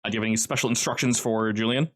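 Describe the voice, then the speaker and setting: Man with a lowish voice, game master, relaxed casual narration, filler words. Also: very fast.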